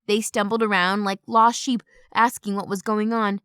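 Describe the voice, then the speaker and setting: A woman giving brisk, expressive first-person audiobook narration on a close studio mic. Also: mid-range voice, clear, resonant tone, no echo.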